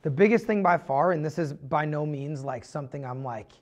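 A man's voice: on the high side, brisk, darkish tone. Earnest young man, rambling podcast story. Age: young adult. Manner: rambling, heavy use of "like" and restarts; earnest, confessional. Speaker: podcast guest.

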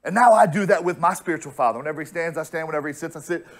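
An American pastor preaching with emphatic storytelling, his voice sitting fairly high for a man. He doubles back on words as he builds a point. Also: rapid-fire. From United States. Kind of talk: sermon.

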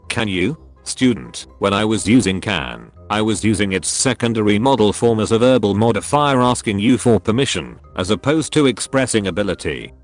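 A man narrating a meme compilation, reading captions aloud one after another with brisk jumps between jokes. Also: on the low side.

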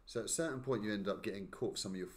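A man's voice: on the low side, rapid-fire. A man hosting a podcast, asking a guest short follow-up questions. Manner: brief prompts and follow-up questions. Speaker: podcast host. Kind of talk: interview questions.

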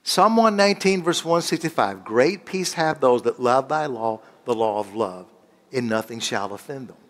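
A man preaching, animated, stopping to search for words and drawing answers from the congregation. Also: medium pitch, moderate pace. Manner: animated, call-and-response with congregation; rambling, restarts and searches for words. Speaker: guest preacher. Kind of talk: sermon.

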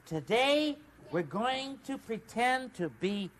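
A man's voice: extremely high pitch, sing-song, slow pace, a bit bright, exaggerated voice. An actor playing a big, cheerful male bird who patiently teaches children to pretend. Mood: friendly. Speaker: leader of a kids' club.

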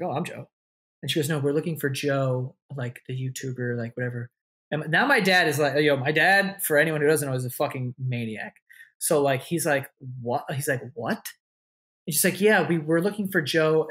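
A man's voice: on the high side, a bit bright. A young man, a podcast guest telling stories casually, swearing freely and acting out what other people said. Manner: swears freely, acts out quoted voices. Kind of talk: casual interview storytelling.

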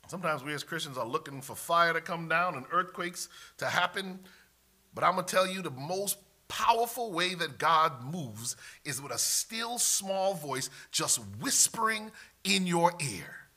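A man preaching a sermon, emphatic, swinging from loud declarations to hushed asides and reading scripture in old-fashioned wording. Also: on the high side, lively intonation, a little slow.

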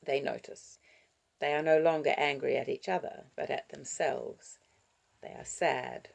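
Woman audiobook narrator; low, gravelly voice, measured and expressive. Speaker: audiobook reader. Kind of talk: scripted narration.

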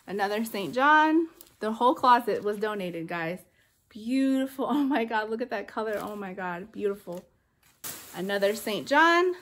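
A young adult woman chatting excitedly in a casual haul vlog, gushing over her finds. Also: fairly high pitch. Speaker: reseller vlogger.

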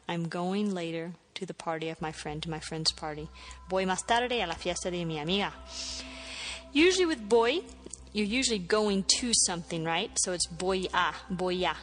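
A woman's voice: fairly low pitch, fairly bright tone. A woman teaching a Spanish lesson, patiently repeating phrases and spelling words out letter by letter. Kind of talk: language lesson.

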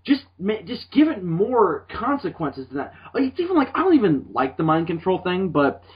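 A man co-hosting a podcast in casual chat, rambling and animated, restarting his sentences often. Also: high voice, normal speed, breathy edge. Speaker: podcast co-host. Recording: dull lo-fi sound.

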